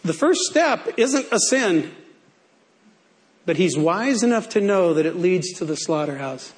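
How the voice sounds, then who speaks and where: A man's voice: high-pitched, expressive, unhurried. A male pastor preaching a sermon in a playful way, stretching key words out for emphasis.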